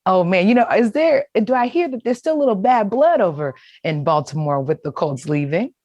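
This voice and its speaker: Woman host, low voice that swings around a lot, upbeat playful questions, dry close sound. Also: lively intonation, a little mellow, dry recording. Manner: upbeat, playful, quick to laugh. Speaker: host, interviewer. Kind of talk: lighthearted interview questions.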